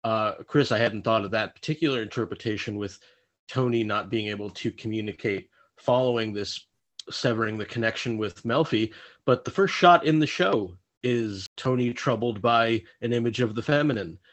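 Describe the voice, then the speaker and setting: A man with a fairly low voice taking part in a TV podcast discussion. He speaks thoughtfully and starts his points with some hesitation. His tone is relaxed and conversational. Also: moderate pace. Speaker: podcast co-host. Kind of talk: casual discussion of a TV episode.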